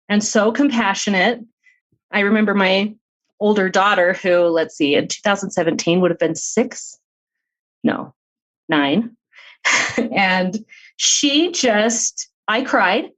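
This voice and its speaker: A woman's voice: mid-range voice, low-quality recording. A middle-aged woman, an author guest on a podcast interview, telling her personal story in an earnest, open way with light laughs.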